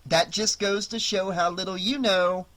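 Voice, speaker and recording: A narrator voicing a brash, teasing teenage girl who talks loud and crude. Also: mid-range voice, fairly even intonation, moderate pace, voice pushed up, natural voice. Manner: loud, brassy and mocking.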